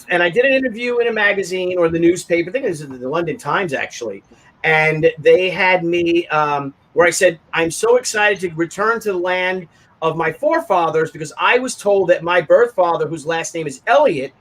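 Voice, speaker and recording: A man with a notably high-pitched voice hosts a casual online chat show. He tells a long, rambling story full of restarts, asides and quick jokes. His delivery is lively and conversational. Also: rough recording. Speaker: show host.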